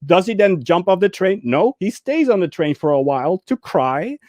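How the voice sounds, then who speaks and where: Speaking at a moderate pace in a high-sitting voice with no room sound, this co-host of a movie talk show spins lively stories during a casual film discussion and performs scenes in raised voices.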